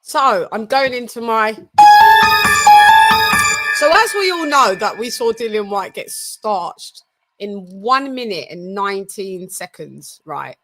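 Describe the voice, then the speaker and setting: A woman's voice: medium pitch, lively intonation, slow, music in the background. A British woman hosting a casual online show, chatty, laughing and loose with her words. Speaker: host. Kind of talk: casual chat.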